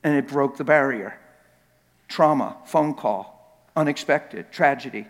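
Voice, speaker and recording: A man preaching a sermon with emphatic repetition, joking with the congregation and building to shouts. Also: mid-range voice, a little slow. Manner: emphatic, repeats words for effect, rises to shouting at climaxes; jokes with the crowd. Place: church hall. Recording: long reverb in a big church hall.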